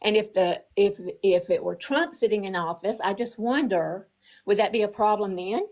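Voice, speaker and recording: A woman's voice: mid-range voice, normal speed, darkish tone, low-quality recording. A woman calling into a live show over a remote connection, insistently defending her view and pushing back on the host. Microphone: remote call audio.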